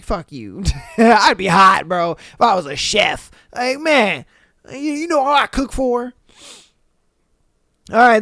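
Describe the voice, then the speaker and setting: A man's voice: high voice, a bit bright, clear, resonant tone, dry recording, studio quality. A man hosting a casual podcast, reading listener posts aloud and reacting with profane slang and laughter. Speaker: podcast host.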